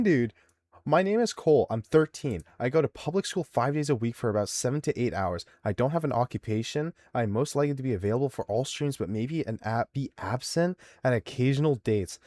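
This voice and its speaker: A man's voice: lowish voice, a little mellow, no room sound. A man hosting a live stream, reading out viewer responses and mocking them in a crude, exasperated way. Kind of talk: casual live-stream commentary.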